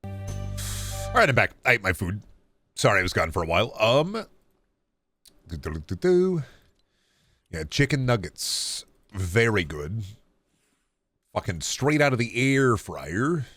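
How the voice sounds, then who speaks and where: A man's voice: on the low side, big pitch swings, a little slow, long pauses, bright, forceful tone, no echo, faint music behind. A man streaming a video game, chatting casually with viewers, joking, rambling and swearing now and then. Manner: answers chat questions while playing.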